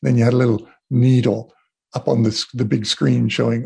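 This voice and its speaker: A man being interviewed as an energy healer, telling animated stories and acting out what people said. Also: mid-range voice, fairly quick, creaky, breathy edge. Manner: animated storyteller, acts out quotes. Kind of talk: casual interview talk.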